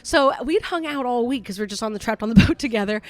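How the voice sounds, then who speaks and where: Lively chatty woman comedian, fairly high voice. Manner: lively, swears freely, quick asides. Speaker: comedian and guest. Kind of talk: casual storytelling chat.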